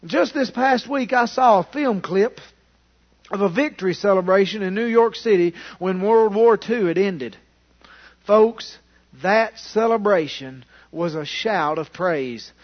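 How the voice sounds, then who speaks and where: Pastor, man, very high voice, fervent sermon, dull lo-fi recording. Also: measured pace. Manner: fervent, rising to loud exclamations, with restarts. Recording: dull lo-fi sound.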